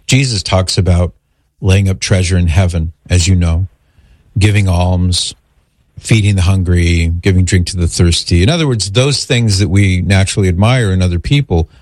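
In a clean studio recording with no room sound, a low-pitched man hosts a call-in religious Q&A. He answers a caller's question earnestly and in an explanatory way, citing scripture.

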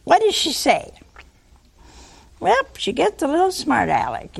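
An older woman giving a sermon, telling the story in a lively way, acting out voices and asking her listeners questions. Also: sits high, measured pace, gravelly, pauses often. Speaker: preacher.

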